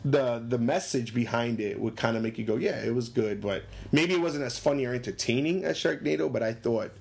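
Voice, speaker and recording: A man's voice: medium pitch, fairly quick, vocal fry, a little mellow. A man chatting casually about movies, laughing often and acting out characters in a raised voice. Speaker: movie discussion co-host. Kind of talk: casual chat.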